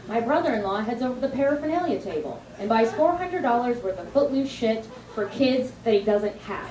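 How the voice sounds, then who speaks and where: A woman from New Jersey doing a stand-up comedy set, telling animated stories with sudden high-pitched punchlines. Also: moderate pace, recorded from a distance, noisy background. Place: comedy club stage. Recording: echoey club recording from afar, with crowd laughter.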